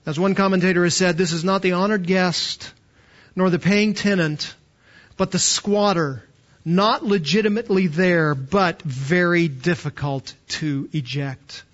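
A man's voice: high voice, steady tone, measured pace. A middle-aged man preaching a sermon in church, emphatic and repeating words as he presses his points. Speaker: pastor. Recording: dull lo-fi sermon recording.

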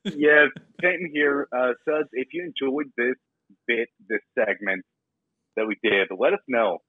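A man's voice: mid-range voice, measured pace, dry recording. A man co-hosting a podcast, talking in an easygoing, rambling way. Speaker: podcast co-host. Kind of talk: casual chat. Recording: dry tinny phone-like sound.

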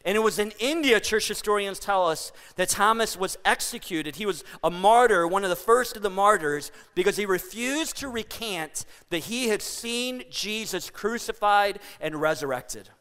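A male pastor delivering a sermon in a chatty, animated way, leaning into stories. His voice is high and bright. The church hall gives it a long, ringing reverb. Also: normal speed, few pauses, clean tone. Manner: conversational, animated storytelling.

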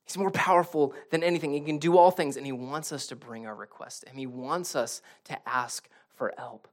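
Conversational pastor, animated and casual. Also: male voice, mid-range voice, moderate pace. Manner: conversational and animated, with rising intensity and hushed moments. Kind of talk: sermon.

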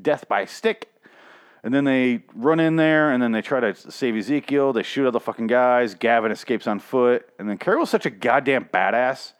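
A young man giving a casual, profane episode recap, rambling and sarcastic, often mocking characters in quick put-on voices. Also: mid-range voice, clear, resonant tone.

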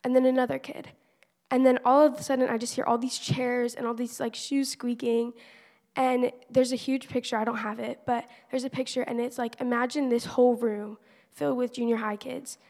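A woman's voice: fairly high pitch, flat delivery, moderate pace, a little mellow. A teenage girl giving an earnest, conversational faith testimony at church, with many casual fillers. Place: church hall. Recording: long church-hall reverb.

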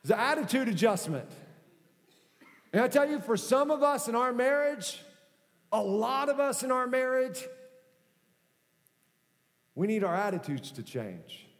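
A middle-aged male pastor giving a conversational, animated sermon. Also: extremely high pitch, unhurried, pauses often. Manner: conversational, animated preaching with acted-out quotes. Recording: hall reverb.

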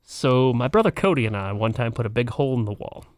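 A man co-hosting a podcast in casual chat, blunt and teasing, with dark jokes. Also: mid-range voice, animated, fast, no echo, studio quality. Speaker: podcast co-host.

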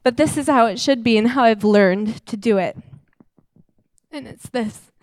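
A woman's voice: on the high side, a little fast, a little mellow, dry recording. A young adult woman giving a heartfelt sermon, telling stories in a conversational way with many fillers. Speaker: preacher. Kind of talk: sermon with storytelling.

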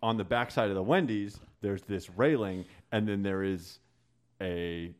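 A man's voice: on the low side, a little slow. A man in casual podcast chat who explains things and acts out quotes. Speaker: podcast co-host.

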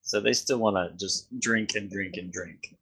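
A man's voice: deep voice, steady tone, moderate pace, gravelly, fairly bright tone, husky. A man narrating as game master for a casual tabletop game, loose and often laughing.

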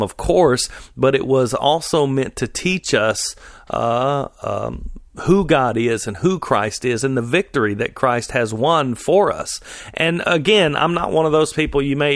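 A man leads a Bible teaching with an easygoing manner, pausing on fillers and restarting phrases as he reads and explains. His voice sits at an ordinary middle pitch. The recording is dry, with no room sound. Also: no echo. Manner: conversational, frequent fillers and restarts while reading scripture aloud. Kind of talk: sermon-style Bible teaching.

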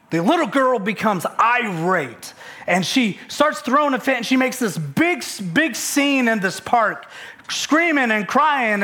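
High, bright-voiced energetic preacher man. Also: a little slow. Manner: energetic, conversational, many fillers and restarts. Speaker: pastor. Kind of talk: sermon.

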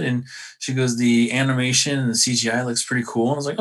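A man talking on a casual podcast, with a bright, forward voice and a middling pitch. He tells his story with animated energy, slang and frequent swearing. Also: fast talker. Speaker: podcast co-host. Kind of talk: casual chat.

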